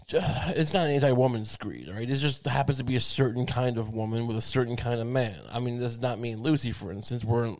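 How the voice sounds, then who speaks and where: A man's voice: mid-range voice, a little mellow. Man ranting profanely, full of restarts. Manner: profane, rambling, sardonic rant with many restarts. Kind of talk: comedic monologue.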